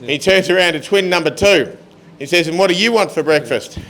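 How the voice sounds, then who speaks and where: A man's voice: sits high, fairly quick, a bit bright, a little hiss or hum. A man telling jokes casually as a guest, in a plain, easygoing way. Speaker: guest joke teller.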